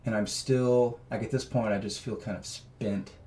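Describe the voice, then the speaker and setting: A man guest telling a personal story in an interview, earnest and rambling with many fillers, growing loud and animated at emotional moments. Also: lowish voice, normal speed.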